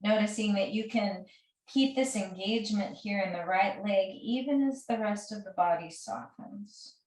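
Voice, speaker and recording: A woman teaching a guided restorative yoga class, giving gentle, soothing cues and counting breaths slowly. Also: mid-range voice, far from the mic. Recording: roomy echo, voice a bit off-mic.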